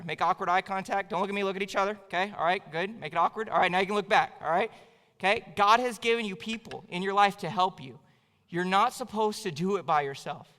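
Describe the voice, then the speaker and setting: A man's voice: sits high, pushed and bright, smooth. A young man preaching a sermon in a church, telling a self-mocking story in a casual, chatty way. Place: church sanctuary. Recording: long hall reverb.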